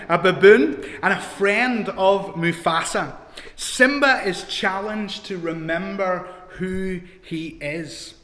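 A man preaches in a church, slow and unhurried, often turning to his congregation with questions. His voice sits a little high. A long reverb trails each phrase through the hall. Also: a bit bright. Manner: conversational, asks the congregation questions. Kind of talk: sermon.

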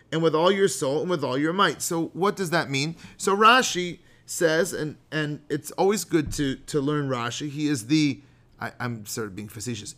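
A man's voice: fairly high pitch, moderate pace, a bit bright. A middle-aged man hosting a podcast as a rabbi, talking in a chatty, jokey, digressive way and sometimes chanting Hebrew prayer lines. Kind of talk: animated podcast sermon.

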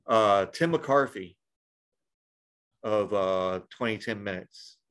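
A man's voice: on the low side, takes it slowly, a bit bright, clear, resonant tone. A man chatting casually on a podcast, rambling with lots of restarts and the odd swear. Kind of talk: casual chat.

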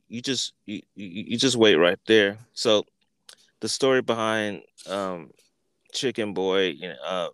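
A man tells a rambling story on his podcast, swearing freely and slipping into the voices of the people in it. His voice is smooth and clear, and the recording is dry and close. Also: lowish voice, dry recording. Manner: animated, profane, acts out quotes. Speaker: podcast host. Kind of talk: casual storytelling.

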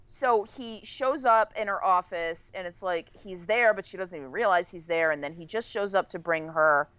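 A woman on a podcast, recapping a movie plot in long, detailed stretches and often slowing down to stress points. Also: lowish voice, fairly bright tone, smooth, dry recording, lo-fi sound. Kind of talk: casual movie discussion.

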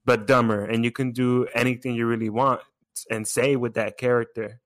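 A man co-hosting a podcast, chatting casually and excitedly, laughing often and restarting his sentences. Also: medium pitch, moderate pace, no echo, clean studio sound. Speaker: podcast co-host. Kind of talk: casual chat.

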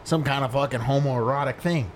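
A man's voice: mid-range voice, fairly quick. A man co-hosting a podcast in casual chat, blunt and swearing a lot. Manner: profane, blunt, defensive. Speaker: podcast co-host.

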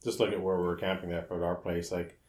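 A plainspoken man chats bluntly on a firefighter podcast. His voice is very deep. The room around him is echoey. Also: level tone, fast, a little mellow. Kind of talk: casual chat.

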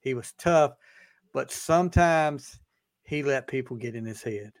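A man's voice: medium pitch, measured pace, no room sound, clean studio sound. A man hosting a sports podcast, chatting casually and animatedly as he tells stories and acts out quoted dialogue. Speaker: podcast host.

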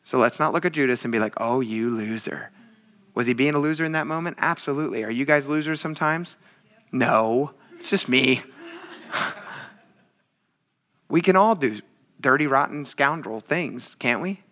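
A man's voice: fairly high pitch, fairly quick, fairly bright tone. A man preaching a casual sermon in a chatty, teasing, self-mocking way. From military veteran. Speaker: pastor.

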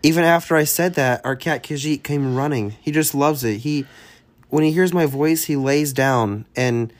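A man hosting a comedy podcast, boasting about his soothing voice in a deadpan, drawn-out way. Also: a little high. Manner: deadpan self-praising, drawn-out phrases. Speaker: podcast host.

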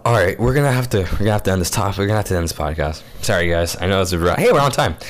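A young man co-hosting a casual podcast, talking in an animated way, groaning, laughing and exclaiming as he tells stories. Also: deep voice, rapid-fire, slight background noise. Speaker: podcast co-host. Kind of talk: casual chat.

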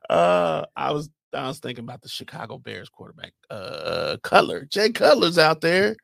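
Lively guy co-hosting a sports podcast, gravelly voice, pitch all over the place. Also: dry recording, studio quality. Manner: animated, teasing, drawn-out emphasis. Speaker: podcast co-host. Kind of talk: casual sports chat.

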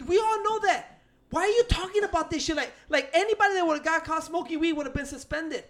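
A man's voice: extremely high pitch, a little fast, fairly bright tone. A man in casual banter, ranting and profane, dropping in Spanish words.

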